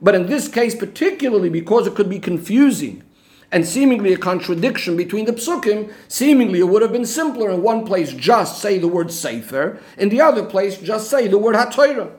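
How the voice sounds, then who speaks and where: A man's voice: sits high, animated, brisk, darkish tone. A man giving an explanatory Torah lesson, going through the reasoning methodically and restating each point step by step. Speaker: Torah teacher.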